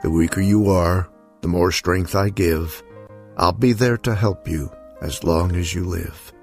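A man voicing a gentle, wise, kind man who speaks softly in rhyming verse. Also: deep voice, a little slow, soft background music. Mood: gentle reassuring.

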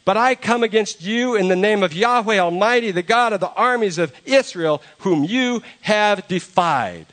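A man's voice: sits high, animated, moderate pace, fairly bright tone, voice pushed up. A man voicing a bold young shepherd who defies a giant in declamatory speech. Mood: defiant. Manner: fired-up, declamatory. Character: bold young male shepherd warrior, defiant.

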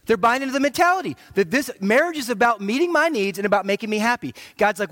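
Lively high-voiced male pastor preaching. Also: fast talker, dry recording. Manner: animated, joking preacher who acts out quotes. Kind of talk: sermon.

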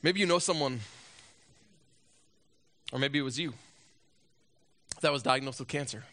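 A little slow in pace, a man with a mid-range voice preaches as a pastor. His sermon mixes a personal story with rhetorical questions, rising to loud urgency and dropping to a hush.

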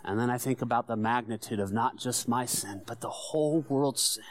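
A man performing a first-person church monologue as the apostle Peter, an earnest middle-aged fisherman, telling the story in a hushed, sorrowful tone that swells into fervent preaching. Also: medium pitch, normal speed, no room sound, natural voice. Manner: storytelling, swinging from hushed whispers to fervent shouts.

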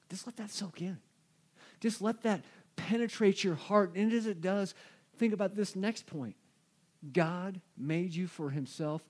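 A middle-aged man preaching a sermon in a conversational way, asking the listeners questions and dropping to a hush to make a point. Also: high voice. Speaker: pastor.

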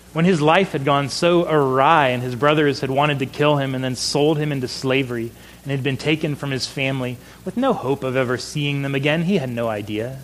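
A middle-aged man preaching a sermon in an earnest voice, slowing down for emphasis. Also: mid-range voice, slight background noise, rough recording. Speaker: pastor.

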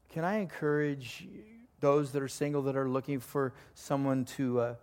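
A man's voice: medium pitch, steady tone, normal speed, a little mellow, big-room sound. An older man preaching a sermon as a pastor, in a conversational, joking storytelling manner before a live congregation.

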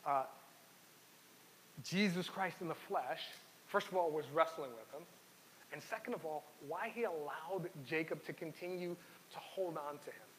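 A man's voice: on the high side, normal speed, fairly bright tone. Man preaching in an echoing hall. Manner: earnest, personal storytelling, reads scripture aloud. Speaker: pastor. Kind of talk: sermon. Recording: long hall reverb with faint hiss.

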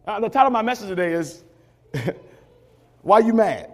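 A male pastor, preaching a sermon and calling out to the congregation with shouted emphasis. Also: high-pitched, lively intonation, measured pace. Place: church sanctuary. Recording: long reverb of a large church hall.

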